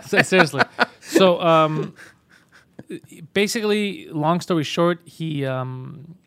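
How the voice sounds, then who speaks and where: A man hosting a podcast, telling an animated, profane story in casual chat. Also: fairly high pitch, takes it slowly, clean tone, no echo. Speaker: podcast host.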